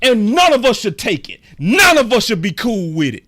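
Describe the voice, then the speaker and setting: A man's voice: high-pitched, wildly swooping pitch, normal speed, bright, forceful tone. A man ranting heatedly as a sports commentator, repeating himself for emphasis in a fan vlog. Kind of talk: fan rant about a football game.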